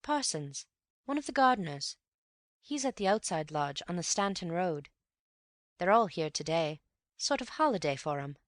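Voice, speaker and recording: A woman's voice: fairly low pitch, sing-song, moderate pace, no echo, studio quality. A woman voicing a friendly young man who passes on informal remarks. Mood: confiding.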